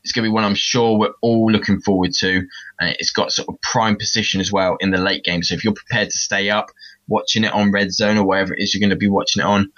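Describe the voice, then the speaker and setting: A man from England, a podcast host, chatting casually about football, animated and talking straight to the teams, with whispered asides. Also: lowish voice, quick pace, muffled recording. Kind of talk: casual sports chat.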